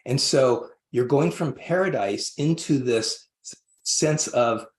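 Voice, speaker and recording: A man's voice: mid-range voice, slow pace. Rambling man telling a story in an echoey room. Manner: rambling, with many restarts; acts out quoted voices animatedly. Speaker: podcast guest. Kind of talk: storytelling interview answer. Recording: roomy echo.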